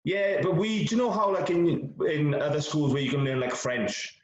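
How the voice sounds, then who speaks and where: A man's voice: a little high, lively intonation, moderate pace. Man, Welsh accent, explaining in casual chat, echoey dull audio, crowd behind. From Wales.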